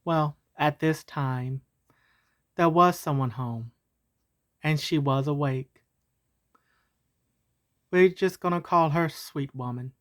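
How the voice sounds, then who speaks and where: A woman's voice: deep voice, slow, long pauses. A woman telling a homemade story in a casual, meandering way. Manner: casual, meandering, with fillers and restarts.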